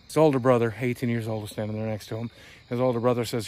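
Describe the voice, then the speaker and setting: A man's voice: medium pitch, level tone, fast, darkish tone. Middle-aged man telling wry stories. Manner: candid, conversational, wry. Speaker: vlogger touring his hometown. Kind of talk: casual storytelling. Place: outdoors at night.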